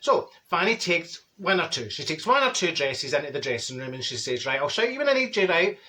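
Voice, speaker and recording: A man's voice: a little high, big pitch swings, fairly quick, sharp tone. Brief: middle-aged Glaswegian woman, man in drag voice, straight-talking gossip, blunt comic monologue. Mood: gossipy. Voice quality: chatty, blunt, gossipy storytelling. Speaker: comedy character monologue.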